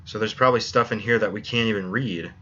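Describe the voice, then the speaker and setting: Streamer, male, low husky voice, casual play-by-play musing, lo-fi mic. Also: fast, sharp tone. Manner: muses aloud, thinking through choices. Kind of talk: casual gameplay commentary.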